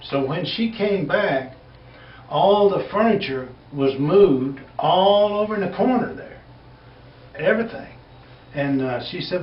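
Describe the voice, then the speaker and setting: A man's voice: fairly high pitch, animated, a little slow, long pauses. A man from Texas with a West Texas accent, telling folksy jokes in a rambling, drawling way and chuckling as he goes. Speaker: comedian. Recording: echoey, distant, dull lo-fi recording with faint hiss.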